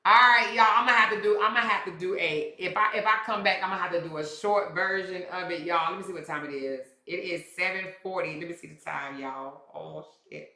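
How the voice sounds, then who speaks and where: A woman's voice: fairly low pitch, steady tone, brisk, few pauses, bright, forceful tone. Sassy woman livestreamer in an echoey room. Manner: sassy, blunt, profane, talks straight to her chat. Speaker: livestream commentary host. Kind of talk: casual livestream chat to viewers.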